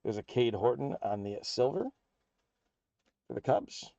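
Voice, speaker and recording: A man hosting a live card break, calling out player names and teams as packs are opened in a steady, upbeat patter. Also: medium pitch, a little slow, gravelly, no echo. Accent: American.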